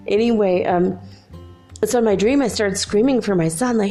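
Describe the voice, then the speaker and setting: A middle-aged woman hosting a podcast, telling a dream in a chatty, animated way and laughing often. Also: mid-range voice, moderate pace, creaky, faint music behind. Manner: chatty, animated, laughs often, quotes herself and her son. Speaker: podcast host. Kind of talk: casual spiritual storytelling.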